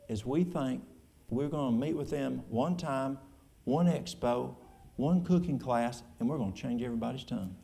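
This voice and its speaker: Man, East Tennessee Appalachian accent, church elder, answering questions, folksy drawl, mellow, raspy fry. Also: medium pitch. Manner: folksy, plain-spoken, drawling with colloquial speech.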